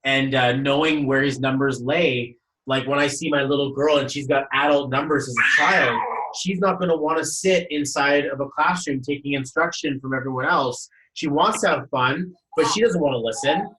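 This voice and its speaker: A man's voice: mid-range voice, normal speed, hardly any pauses, pushed and bright, reverberant, low-quality recording. A man hosting a casual group video call as a numerology coach, upbeat and effusive, rambling from one thought to the next.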